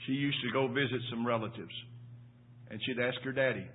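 An older pastor with a husky, mid-range voice preaches briskly and with fairly even intonation. He tells his sermon in a folksy, storytelling way, repeating his words as he goes. The recording sounds tinny, like a phone.

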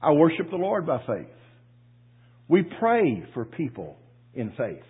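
A middle-aged man, a pastor, preaching a folksy sermon with stories, repeating his words and rising into loud exclamations. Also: on the high side, wildly swooping pitch, unhurried, pauses often, slightly rough. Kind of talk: sermon with storytelling. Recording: tinny phone-like audio.

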